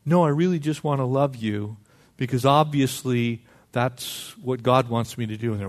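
A middle-aged man preaching a sermon, lively and conversational, acting out little dialogues. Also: medium pitch, moderate pace. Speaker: pastor.

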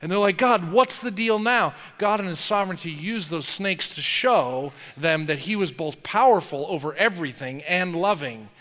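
Animated preacher in a reverberant hall. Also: male voice, a little high, moderate pace, hardly any pauses. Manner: animated preaching, acting out questions in an incredulous tone. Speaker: pastor. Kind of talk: sermon.

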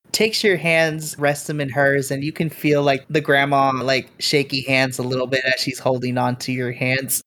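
A man's voice: mid-range voice, level tone, moderate pace, hardly any pauses, a bit bright. A man narrating as game master, chatty, with frequent laughs and filler words.

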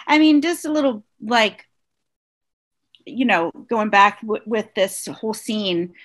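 A woman co-hosting a podcast, chiming in with quick, enthusiastic comments. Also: medium pitch, expressive. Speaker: podcast co-host. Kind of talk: casual recap chat.

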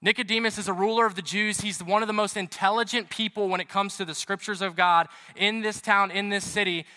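Bright high-ish guy preaching in a church, chatty stories, repeats lines for punch. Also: steady tone, fairly quick. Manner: conversational, storytelling, emphatic repetition. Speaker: pastor. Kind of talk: sermon. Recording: reverberant hall.

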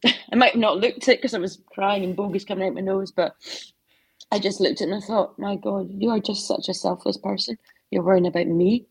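A middle-aged woman with a medium-pitched, slightly rough voice is interviewed as an author in her home office. She answers conversationally, telling heartfelt stories with soft asides, in a dry recording.

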